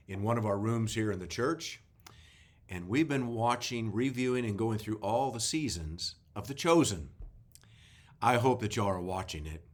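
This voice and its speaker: A man, a pastor giving a devotional talk and reading scripture slowly and deliberately, stressing key words. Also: lowish voice. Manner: slow, deliberate reading with emphasis.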